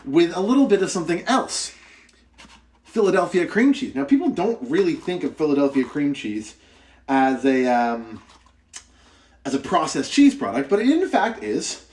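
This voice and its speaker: A man's voice: on the high side, sing-song, normal speed, darkish tone. A young man streaming live from his home kitchen, cooking, chatting and joking as he greets viewers by name. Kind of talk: casual live-stream chat.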